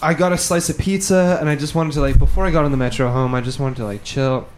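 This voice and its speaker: A man's voice: fairly high pitch, fast talker, a little hiss or hum. A man in casual podcast chat, telling rambling anecdotes and doing voices for other people. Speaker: podcast co-host.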